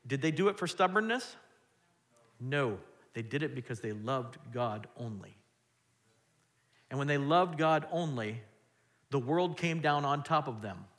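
A pastor preaching a sermon, shifting between loud emphatic lines and quiet asides, and acting out quoted voices in a raised voice. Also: male voice, mid-range voice, lively intonation, moderate pace.

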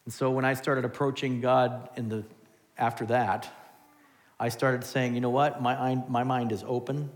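Animated preacher man in a reverberant hall. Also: mid-range voice, moderate pace. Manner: animated, swings from loud to hushed. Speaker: pastor. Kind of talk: sermon.

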